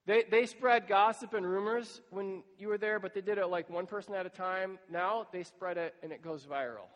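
A man with a fairly high voice delivers a sermon from the pulpit. He speaks conversationally, slipping into imagined dialogues with struggling people. The sound carries a long church reverb. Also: normal speed, few pauses, a bit bright. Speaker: pastor.

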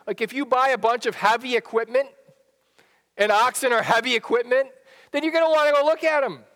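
A man's voice: extremely high pitch, a little fast, fairly bright tone, in a large hall. A male pastor giving a sermon in a conversational way, often repeating and restarting his phrases. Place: church sanctuary.

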